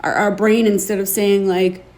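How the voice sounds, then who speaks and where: A woman's voice: medium pitch, level tone, normal speed, a little mellow. Earnest woman sharing a personal story. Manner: earnest and emotional, confiding. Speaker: podcast host. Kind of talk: candid personal testimony to an online audience.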